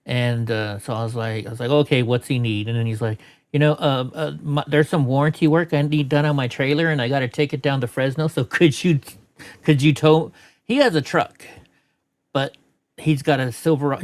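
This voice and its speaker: Rambling profane man streaming. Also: mid-range voice. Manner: rambling, profane, laughs a lot. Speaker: streamer host. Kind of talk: casual live-stream chat.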